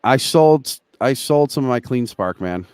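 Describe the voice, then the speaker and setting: A man hosts a live market chat show, excitable and joking, tripping over his words with scattered restarts. His smooth, resonant mid-range voice moves a little slowly and sounds close and dry, with no room sound at all.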